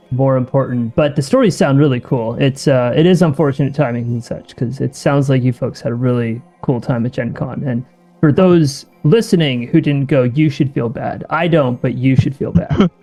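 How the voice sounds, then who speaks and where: Relaxed male player, mid pitch, mellow and self-deprecating. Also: normal speed, soft background music. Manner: easygoing, self-deprecating storyteller. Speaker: podcast guest player. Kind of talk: casual chat.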